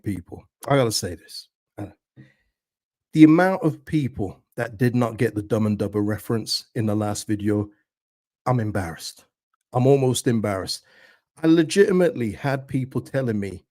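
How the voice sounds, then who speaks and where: A man's voice: mid-range voice, expressive, moderate pace, a little mellow, no echo, clean studio sound. A man hosting a casual football chat stream, talking straight to his viewers. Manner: chatty, talks straight to viewers. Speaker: football channel host.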